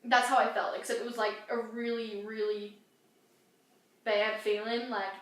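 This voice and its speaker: A woman's voice: fairly high pitch, level tone, normal speed. A woman co-hosting a vlog and telling a story in a put-on British accent, chatty and full of fillers. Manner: chatty, many "like" fillers, giggly. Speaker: co-host. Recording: very echoey room.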